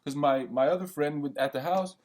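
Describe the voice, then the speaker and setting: A man's voice: on the high side, a little fast, a little mellow. A young man ranting in a heated, profane, rambling monologue. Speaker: vlogger. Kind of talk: venting monologue.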